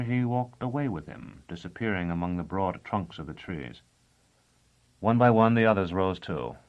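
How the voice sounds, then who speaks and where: Man, audiobook narrator, first-person story, even and deliberate, low voice, dull lo-fi recording.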